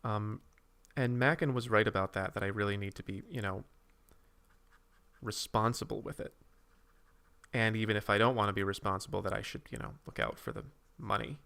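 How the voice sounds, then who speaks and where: A man's voice: on the low side, moderate pace, vocal fry, a bit bright. A man hosting a casual livestream, rambling while he reads and answers viewers' comments and draws. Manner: drawing while talking. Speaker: streamer host.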